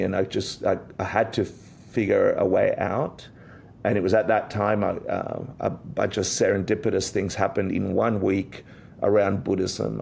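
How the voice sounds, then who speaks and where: Man guest, low gravelly voice, animated storyteller, faint rumble behind. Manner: animated storyteller, acts out quotes. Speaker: interview guest, Buddhist teacher. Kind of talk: casual storytelling in a podcast interview.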